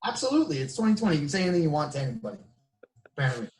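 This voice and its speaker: A man co-hosting a podcast, bantering in a casual, profane way. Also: fairly high pitch. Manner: animated, profane, quick to banter. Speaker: podcast co-host. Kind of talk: casual chat.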